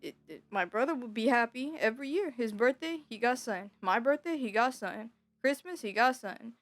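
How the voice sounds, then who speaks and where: A young woman telling a personal story in a casual, rambling way. She swears freely, repeats herself, and gets louder when she is upset. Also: fairly high pitch, animated, quick pace. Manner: bitter and emotional, voice rising when upset. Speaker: streamer.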